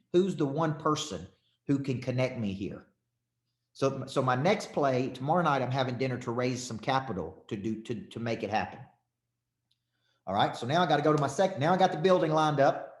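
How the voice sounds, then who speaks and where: A male motivational coach addresses a live audience at a mid-range pitch. His delivery is punchy and repetitive, full of questions thrown at the room. The sound carries a roomy echo. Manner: punchy, repetitive, calls on the crowd.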